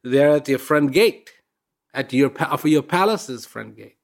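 A man's voice: medium pitch, animated, a little slow, vocal fry. A man voicing anxious palace guards in a retold story, urging their ruler to flee. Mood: urgent. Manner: urgent, pleading warnings.

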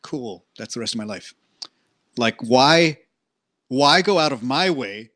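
A man's voice: mid-range voice, animated, a little slow, a bit bright. A man from Texas co-hosting a podcast in casual chat, ranting in an exasperated way with frequent restarts.

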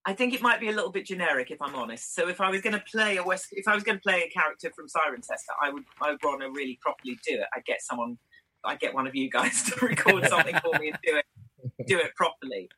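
A woman from Britain talks through her acting work in a relaxed interview, her voice bright and a little husky. She thinks aloud, laughs lightly and restarts her sentences as she goes. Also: sits low, fast, rough recording. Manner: thoughtful, chatty, laughs often, many restarts. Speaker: actress guest. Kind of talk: conversational interview answers.

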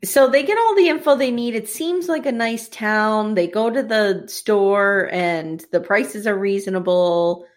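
A woman co-hosting a podcast, recapping a TV episode in casual chat, wry and animated, laughing often. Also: medium pitch, unhurried, few pauses. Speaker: podcast co-host.

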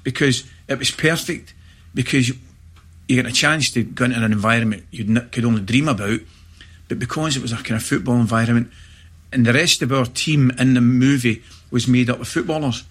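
Husky middle-aged Scottish man telling stories. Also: mid-range voice, fairly quick. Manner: animated anecdotes with laughter and acted-out shouts. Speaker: guest. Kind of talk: storytelling in casual chat.

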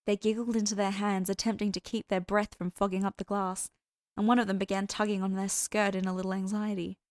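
A woman narrating fan fiction as an audiobook reader in a measured storytelling way. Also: medium pitch, little pitch movement, dry recording, studio quality.

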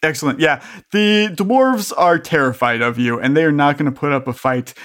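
A man running a tabletop game as game master, describing scenes in a relaxed way with fillers. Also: a little high, moderate pace.

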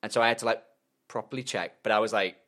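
A man's voice: on the low side, steady tone, quick pace, a bit bright. A young man co-hosting a podcast, telling a long story in loose casual chat and swearing freely. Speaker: podcast co-host.

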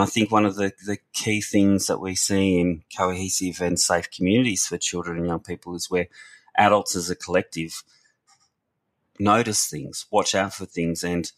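A man's voice: low voice, steady tone, normal speed, a bit bright. A man, a researcher and former youth worker, talking earnestly and reflectively in a podcast discussion, often restarting his words.

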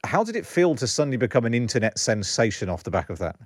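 A man's voice: mid-range voice, very animated, fast talker, no echo, studio quality. A man from the West Country hosting a podcast, chatty and jokey as he introduces the episode and his guest. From West Country, England. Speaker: podcast host. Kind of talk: conversational podcast presenting.

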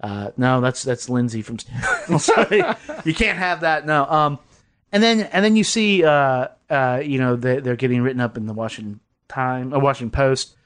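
A man hosting a casual podcast from a basement, his voice sitting at an ordinary pitch. He rambles loosely, swears freely and breaks into laughs. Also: big pitch swings, moderate pace, a bit bright. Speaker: podcast host. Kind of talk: casual chat.

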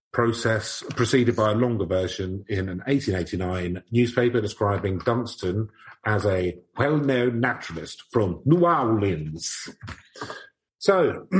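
A man co-hosting a casual comedy podcast, who reads old articles aloud in a playful, stiff old-fashioned voice. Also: mid-range voice. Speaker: podcast co-host.

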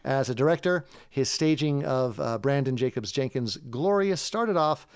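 Clear-voiced man hosting a chat. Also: medium pitch, lively intonation, no echo, studio quality. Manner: chatty, quick introductions. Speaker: host. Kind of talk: casual chat.

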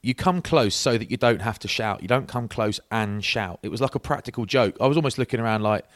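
Middle-aged man, lower voice, animated storyteller, dry studio sound. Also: quick pace, no room sound. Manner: lively storyteller, says mate a lot. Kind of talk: casual chat, anecdote telling.

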